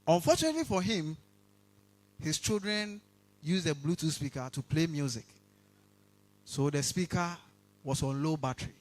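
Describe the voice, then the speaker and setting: A man with a Ghanaian English accent doing a stand-up comedy set, telling a story with animated, shouted punchlines. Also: a little high. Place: comedy awards stage before a live audience.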